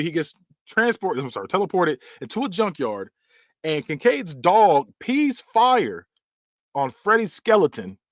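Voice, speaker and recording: A man's voice: on the high side, no room sound, studio quality. A man hosting a podcast, casually recapping and ranking film scenes in loose, slangy storytelling. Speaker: podcast host.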